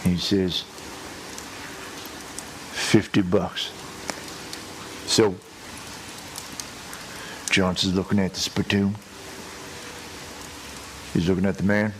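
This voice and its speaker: A man's voice: sits low, little pitch movement, extremely slow, long pauses, noisy background. A man voicing a rambling, crude redneck character who tells a long joke full of hesitations and restarts. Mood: drawling. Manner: crude, chuckles at his own story. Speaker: prank caller telling a joke. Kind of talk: rambling prank-call joke telling.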